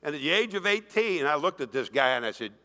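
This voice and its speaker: An older man in his sixties tells stories from a stage in an emphatic, animated way. His voice sits fairly high and swings widely, with a bright, forceful edge. A long hall reverb trails behind him. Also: quick pace. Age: 60s. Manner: animated, emphatic storytelling, acts out quoted voices. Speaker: keynote speaker. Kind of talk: storytelling speech to an audience. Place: conference hall.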